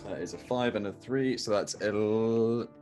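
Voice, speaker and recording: A man's voice: fairly low pitch, measured pace, darkish tone, soft background music. A man playing a tabletop game, describing his moves and counting up his rolls methodically. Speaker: player. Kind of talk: casual tabletop game play.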